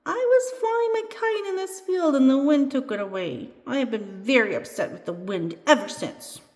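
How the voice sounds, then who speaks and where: A woman's voice: high-pitched, expressive, moderate pace, pitched above the performer's own voice. Storybook role: a sulky young boy doll, put on by a woman narrator, blunt delivery. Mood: sheepish. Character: young boy doll, grumpy then softened. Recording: echoey room with long reverb.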